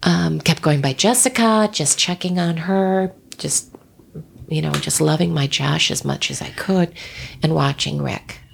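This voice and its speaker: Middle-aged woman, low gravelly voice, halting and soft, slipping into whispers; interview guest. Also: a little hiss or hum. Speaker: guest, author and shaman. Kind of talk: recounting a personal tragedy in an interview.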